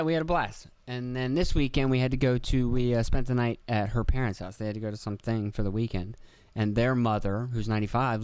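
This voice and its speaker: A man in his thirties from Pennsylvania hosts a podcast and rambles through profane stories about his kids. His voice is smooth and clear, and it sits close and dry on the mic with no room sound. He breaks into other people's voices as he goes. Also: medium pitch, a little mellow, no room sound. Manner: profane, rambling storyteller who acts out quoted voices. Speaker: podcast host. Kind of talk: casual rambling monologue.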